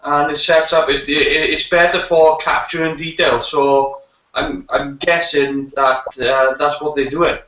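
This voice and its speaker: A man's voice: on the high side, little pitch movement, measured pace, a bit bright. A man chatting casually on a video call, stammering and repeating words as he starts sentences. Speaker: hobbyist scale modeler on a video hangout. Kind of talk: casual chat. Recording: roomy, distant, lo-fi video call audio.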